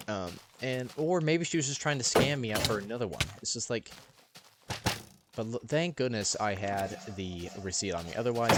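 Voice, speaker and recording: A man casually telling stories over gameplay commentary, rambling and playful, in a recording with background hiss. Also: fairly low pitch. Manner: rambling, lots of fillers and restarts, playful. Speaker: channel host.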